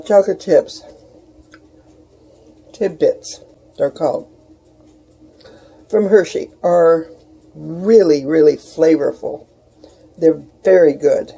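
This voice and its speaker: A woman's voice: low-pitched, mellow, husky. A middle-aged woman, chatting casually in her kitchen as a home cooking vlogger and rambling in homey asides to her viewers.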